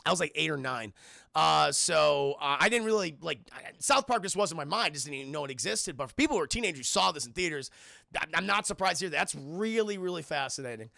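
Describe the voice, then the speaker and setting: A man in his thirties doing a live spoiler film review, talking to his viewers in an animated, profane way. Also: a little high, fairly quick, creaky, dry recording, studio quality. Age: 30s. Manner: animated, profane, laughs while retelling.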